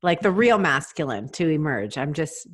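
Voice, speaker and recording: Enthusiastic lower-voiced woman podcast host. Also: sing-song, normal speed. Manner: enthusiastic, affirming. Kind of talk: casual interview conversation.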